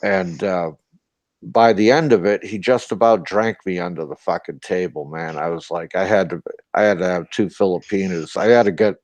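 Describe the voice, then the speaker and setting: Older man, Boston accent, lowish voice, profane boisterous storyteller, dry sound. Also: normal speed, a little mellow, no room sound. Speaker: ex-sailor storyteller. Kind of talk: casual chat.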